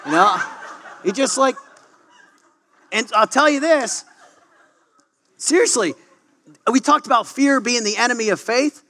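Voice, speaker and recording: Bright-voiced, excitable preaching coach man. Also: very high-pitched. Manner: excitable, stumbling restarts and quick asides. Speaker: wrestling coach. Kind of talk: devotional talk to a sports team.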